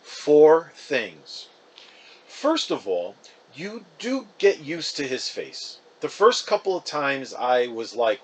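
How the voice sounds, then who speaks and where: A man, a local actor, reading a children's novel aloud in an expressive, animated first-person voice. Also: medium pitch, moderate pace, low-quality recording.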